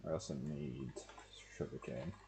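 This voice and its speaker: Deep gravelly male streamer. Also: unhurried, mellow, slight background noise. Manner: wry, profane, rambling asides. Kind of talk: casual gameplay commentary.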